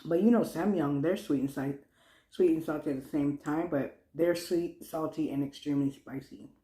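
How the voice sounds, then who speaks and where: A woman, chatting playfully and excitably as she hosts her eating show. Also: sits low, moderate pace, reverberant. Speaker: mukbang vlogger. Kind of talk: casual eating-show chat.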